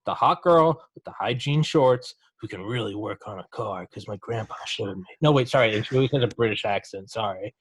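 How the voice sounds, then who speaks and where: A man in casual chat with friends, talking in a profane, animated way. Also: on the low side, brisk, hardly any pauses, breathy edge. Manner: profane, animated, acts out mock quotes.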